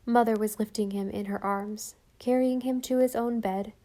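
Woman audiobook narrator, gentle and expressive, mellow warm tone. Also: a little high, normal speed. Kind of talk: scripted narration.

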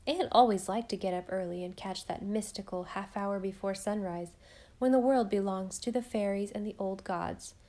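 A calm woman with a medium-pitched voice narrates a novel, reading scripted audiobook narration.

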